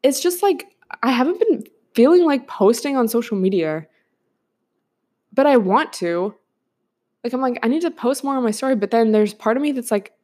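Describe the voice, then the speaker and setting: A woman's voice: a little high, lively intonation, normal speed, a little mellow. Chatty young woman podcast host. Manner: chatty, rambling, lots of filler words and frequent laughs. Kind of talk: casual solo podcast chat.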